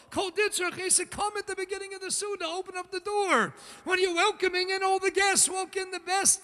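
Male rabbi, very high bright voice, dramatic storytelling in a booming synagogue hall. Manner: dramatic storyteller, acts out the characters. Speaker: rabbi giving a talk. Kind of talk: sermon storytelling. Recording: reverberant hall.

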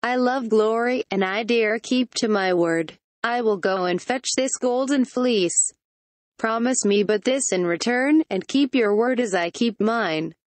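A woman's voice: fairly high pitch, measured pace, no room sound, lightly acted. A synthetic woman's voice reading the lines of a bold, earnest young hero in a forthright way, for a text-to-speech audiobook.

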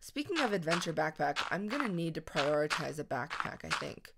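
A young woman giving chatty, excitable commentary on her own gameplay, gasping and squealing at surprises. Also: sits low, brisk, gravelly, very noisy. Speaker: gaming video host.

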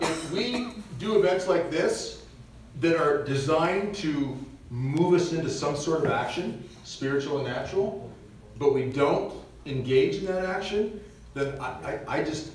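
A man giving a lively parish mission talk on preparedness, joking and acting out little scenes for the audience. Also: fairly high pitch, moderate pace, a little hiss or hum. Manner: animated, jokey, acts out little scenes. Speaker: visiting speaker on preparedness. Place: church hall. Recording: echoey church, recorded from far off.

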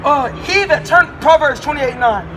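A high-pitched man preaches on a city street at night, shouting scripture at passers-by and calling them man and brother. The recording is rough, with crowd chatter and traffic noise behind him. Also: unhurried. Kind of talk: heated street preaching and argument.

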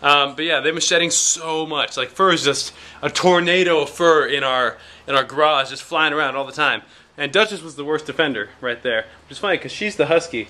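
Young male vlogger, bright tone, loose rambling delivery, self-deprecating humor. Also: fairly high pitch, a little fast. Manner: rambling, jokey and self-mocking, with many fillers. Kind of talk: casual vlog chat.

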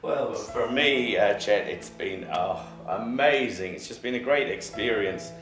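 A man with an Irish accent playing Jesus as a rambling, halting father being interviewed on a reality show, in a comedic film. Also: on the low side, reverberant, over music. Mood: earnest. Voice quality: halting, rambling, full of restarts. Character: Jesus as a rambling middle-aged dad.

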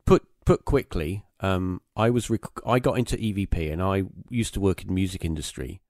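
A man hosting a podcast tells a long anecdote in casual, rambling conversation full of fillers. He has a deep, darkish voice at a normal speed, captured with studio quality and no echo.

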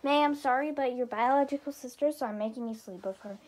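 A young female performer voicing a patient doll mother who calms and gently scolds the children in a toy role-play. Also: sits high, quick pace. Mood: placating. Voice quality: soothing, placating.

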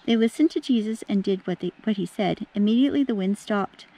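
Woman teacher, storybook read-aloud, animated, warm mellow tone, talks to the kids. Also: medium pitch, a little fast. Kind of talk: reading a storybook aloud to children.

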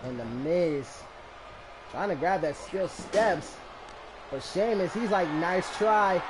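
A man commentating a wrestling match as a fan, emotional and shouting at the action. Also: sits high, animated, takes it slowly, a crowd in the background, noisy background. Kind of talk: excited fan commentary on a video game match.

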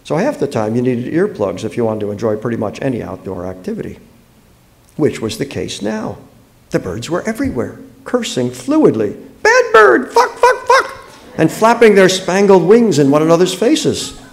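A man from the United States reads his own fiction aloud at a book fair. His delivery is expressive and dramatic, with a lively, swinging pitch in the middle of a man's range. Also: moderate pace, vocal fry. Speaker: author.

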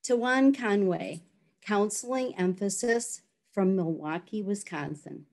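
A woman's voice: medium pitch, darkish tone. Woman giving a formal graduation address. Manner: measured, congratulatory. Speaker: education program speaker. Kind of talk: formal commencement speech and name reading.

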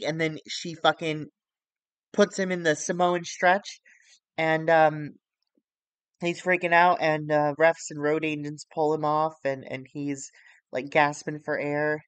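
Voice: mid-range voice, steady tone, normal speed, clean tone, no echo. A streamer playing a wrestling booking sim, rambling casually and swearing while retelling storylines. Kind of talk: casual live-stream commentary.

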